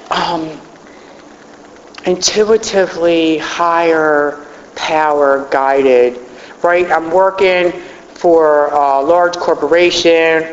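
Speaking in a deep voice, this middle-aged woman shares her recovery story as a testimony, rambling and heartfelt, sometimes choking up. The lo-fi recording is dull and roomy, as in a hall, with slight hiss or hum.

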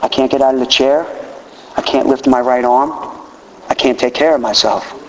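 A man's voice: medium pitch, steady tone, normal speed, pitched below the performer's own voice, close to an everyday voice. A man voicing his weary, ailing elderly father in a tired, resigned way. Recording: dull echoey hall with faint noise.

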